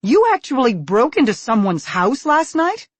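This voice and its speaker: A man voicing an angry suburban mother who interrogates her teenage son, sharp and sarcastic. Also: sits high, very animated, a little slow, no room sound, pitched above the performer's own voice, exaggerated voice. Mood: furious.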